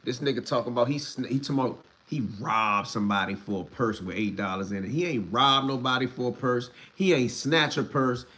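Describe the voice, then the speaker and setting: A man's voice: a little fast, few pauses, sharp tone. A young man hosting a livestream, ranting in blunt street slang with heavy swearing and a voice that climbs when he gets worked up. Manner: heated, rises in pitch when worked up. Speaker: livestream host.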